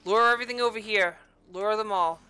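A woman giving gameplay commentary, yelling and swearing at the game, with sarcastic asides between outbursts. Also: medium pitch, fairly quick. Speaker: gaming channel host.

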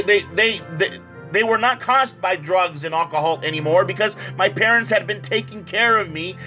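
A man, an evangelist, telling his personal testimony in a halting way, often repeating words. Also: sits high, bright, forceful tone, low-quality recording. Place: small church.

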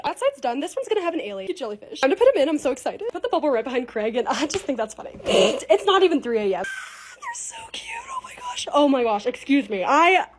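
A woman's voice: sits high, a little hiss or hum. A young woman narrating her lifestyle vlog in a chatty, bubbly, self-deprecating way. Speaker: lifestyle creator. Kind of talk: casual voice-over vlog narration.

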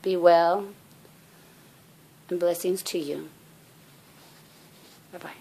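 A woman giving an earnest, halting personal faith message as a vlogger. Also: lowish voice, steady tone, creaky, a little hiss or hum. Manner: soft-spoken, halting, earnest. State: out of breath. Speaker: religious vlogger.

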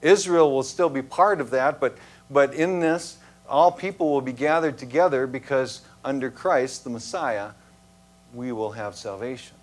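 A male pastor delivers a sermon in a church, in a relaxed, conversational way. He tells his points like stories and checks in with the congregation as he goes. His voice sits at an ordinary middle pitch. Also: moderate pace. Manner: conversational, storytelling preaching with "huh?" asides. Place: church sanctuary.

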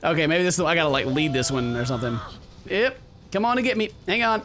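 A young man commentating his gameplay, goofy and excitable, talking back to the characters on screen. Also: a little high, fast, a little hiss or hum. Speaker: gaming video host. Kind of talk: game commentary.

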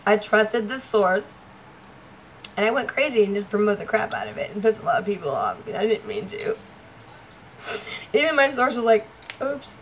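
High-voiced rambling woman vlogger. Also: slight background noise, low-quality recording. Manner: rambling, laughs often. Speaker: vlogger and stage performer. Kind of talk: casual talk to camera.

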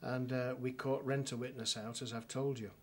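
A man's voice: mid-range voice, little pitch movement, normal speed, darkish tone, slight background noise. A middle-aged man with a northern English accent, telling a dry anecdote as a solicitor in a documentary interview, with many restarts and fillers.

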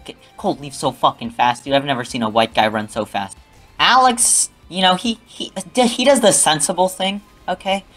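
A man's voice: on the high side, a bit bright. A young man telling a rambling, profane story in casual talk, often adding "okay?".

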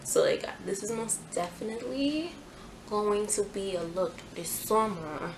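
A woman's voice: mid-range voice, unhurried, creaky, background noise. Chatty young woman gushing over a haul. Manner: chatty, gushing, lots of "like" fillers. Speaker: fashion YouTuber. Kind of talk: casual try-on haul vlog.

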